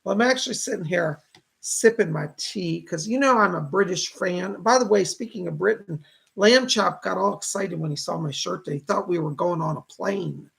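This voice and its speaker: A man in his fifties hosting a casual psychic livestream, chatting warmly with viewers and greeting them by name. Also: sits high, moderate pace, vocal fry, breathy edge. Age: 50s.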